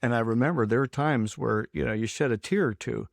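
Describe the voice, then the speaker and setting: A man's voice: mid-range voice, a little fast, vocal fry, dry recording, studio quality. A man hosting a casual podcast conversation, talking with energy and restarting phrases often. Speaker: podcast host.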